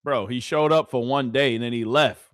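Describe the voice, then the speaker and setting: A man's voice: mid-range voice, normal speed, no echo. Heated man reacting, dry close mic. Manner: incredulous, heated, swears freely. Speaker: sports reaction host. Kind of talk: casual reaction commentary.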